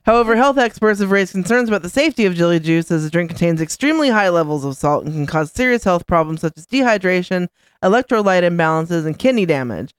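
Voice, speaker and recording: A woman's voice: on the low side, expressive, quick pace, clean tone, no echo. A woman podcast guest in casual chat, reading chatbot answers aloud and laughing often.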